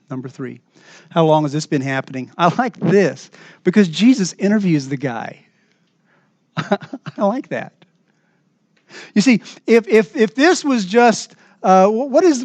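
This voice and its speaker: A man's voice: on the high side, no echo. Earnest man preaching in a dry sound. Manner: earnest, emphatic, swings between raised and hushed delivery. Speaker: pastor. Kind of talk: sermon. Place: church.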